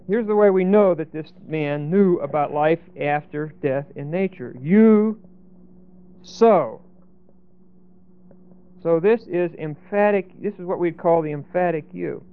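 A man's voice: on the high side, creaky. Man teaching scripture, tinny lo-fi sound. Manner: explanatory, emphatic, frequent "okay?" and "see?". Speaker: Bible teacher. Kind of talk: expository Bible teaching.

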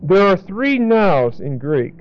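Male Bible teacher, slow and deliberate, fairly high voice, dull lo-fi recording. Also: very animated. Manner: deliberate, repeats and spells out key words.

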